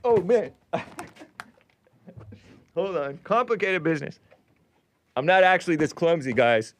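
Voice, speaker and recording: A man's voice: on the high side, big pitch swings, a little slow, no room sound. A man hosting a casual live show, reading chat messages aloud with a wry, laughing manner. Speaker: show host.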